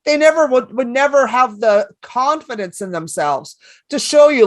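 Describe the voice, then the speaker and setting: Brief: woman comic, podcast guest, raised pitch, loose profane storytelling, dry mic. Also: moderate pace, no echo. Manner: animated, profane, rambling storyteller. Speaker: stand-up comedian guest.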